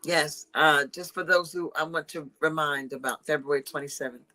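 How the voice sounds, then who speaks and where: Woman host, comedy chat; bright, sharp tone, loud, laughing, playfully crude. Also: low voice, steady tone, normal speed, poor audio. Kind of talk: casual raunchy comedy chat.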